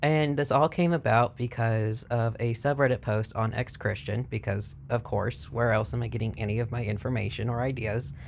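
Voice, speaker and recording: A man's voice: medium pitch, vocal fry, slight background noise. A man vlogging in a casual, irreverent and profane way, retelling stories and slipping into mock voices. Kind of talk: casual chat.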